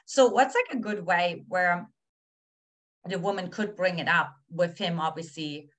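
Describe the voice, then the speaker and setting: A woman co-hosting a relationship podcast, asking a guest questions in a relaxed conversational way. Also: lowish voice, a little slow. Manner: conversational, agreeing with short backchannels. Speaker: podcast co-host. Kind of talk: casual interview questions.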